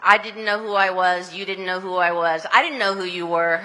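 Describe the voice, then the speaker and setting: A woman's voice: mid-range voice, animated, moderate pace, bright, forceful tone, in a large hall, a little hiss or hum. A woman from California giving a chatty, heartfelt acceptance speech at an outdoor ceremony, laughing often and turning tender as she thanks people. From Anaheim, California. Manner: chatty and giggly, with breathy laughs; tender and emotional in the thank-yous.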